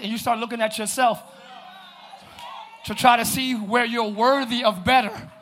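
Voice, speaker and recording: A man preaching a live sermon as pastor, shouting and calling out to his congregation. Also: extremely high pitch, fairly even intonation, normal speed, soft background music. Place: church sanctuary.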